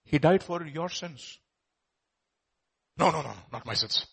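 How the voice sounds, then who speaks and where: A man preaching a sermon, telling a story and acting out its voices, swinging from loud to hushed. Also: a little high, animated, unhurried, gravelly, slightly rough.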